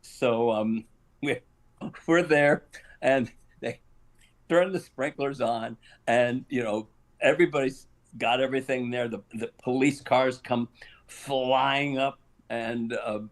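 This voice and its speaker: An older actor appearing as a guest on an interview show tells a long anecdote as an animated storyteller, chuckling often and acting out quoted lines. His voice is mid-range and he takes it slowly.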